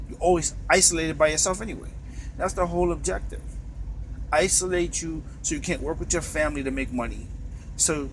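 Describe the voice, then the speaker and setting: A man's voice: a little high, a bit bright, slight background noise. A truck driver with a New York accent, ranting in a bitter, profane monologue from inside his truck cab.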